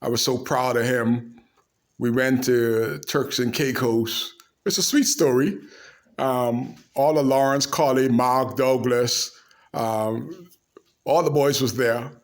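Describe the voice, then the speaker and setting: A man telling animated, laugh-filled anecdotes to the camera in a casual way. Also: medium pitch, slow pace. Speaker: storyteller.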